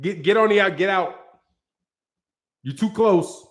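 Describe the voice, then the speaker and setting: A man hosting a boxing channel, talking casually in a live-stream style, animated and slangy, laughing often and acting out what fighters said. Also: sits high, a little slow.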